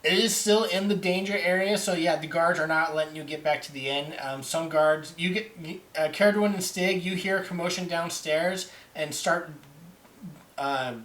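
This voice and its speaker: Higher-voiced male game master. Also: steady tone, moderate pace, a bit bright. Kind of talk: narrating a tabletop game.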